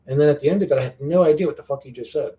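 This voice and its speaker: A man's voice: a little high, racing, dark tone. A man hosting a casual livestream, reading chat comments and rambling, swearing freely and repeating words as he starts sentences.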